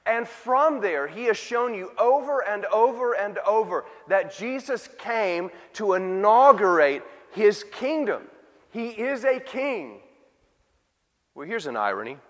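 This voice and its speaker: In a reverberant hall, a high-voiced man preaches a sermon as pastor. His delivery is conversational, sprinkled with rhetorical questions.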